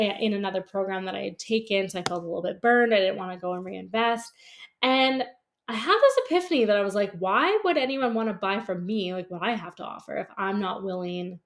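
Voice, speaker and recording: A woman's voice: mid-range voice, creaky. Chatty woman telling a story, laughing. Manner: chatty, laughs often, peppers speech with "like" and swearing. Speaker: podcast host and lash artist. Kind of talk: casual storytelling podcast.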